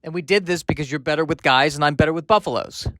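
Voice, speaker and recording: A man's voice: on the high side, fast talker, sharp tone, no echo. A man playing a hurt, jealous caveman who feels betrayed by his painting partner, pleading and self-pitying. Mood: hurt, accusing. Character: wounded caveman painter, male adult, jealous.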